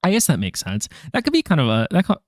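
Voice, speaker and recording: A man's voice: on the high side, wildly swooping pitch, fast talker, dry recording, clean studio sound. A young man in casual self-talk, sounding out syllables one by one and joking at his own mistakes to viewers. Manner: muttering syllables, self-deprecating jokes, chatting to viewers. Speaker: language learner vlogger. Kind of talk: casual self-talk while drilling flashcards.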